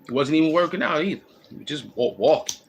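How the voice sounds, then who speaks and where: A man's voice: a little high, sing-song, quick pace, creaky, a little hiss or hum. A man hosting a casual walking vlog, giving loose, repetitive, slangy street advice. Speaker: host. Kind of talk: rambling streetwise monologue. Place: outdoors in the cold.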